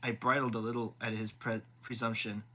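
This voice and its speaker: A man's voice: fairly low pitch, little pitch movement, fairly quick, pushed and bright, low-quality recording. A man reading a novel aloud live, often stumbling and rereading words. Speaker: audiobook reader.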